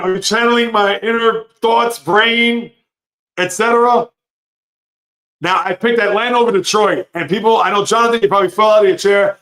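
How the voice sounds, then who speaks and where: A man hosting a live sports talk stream, reading chat comments and giving opinionated, animated reactions. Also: high voice. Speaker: sports show host.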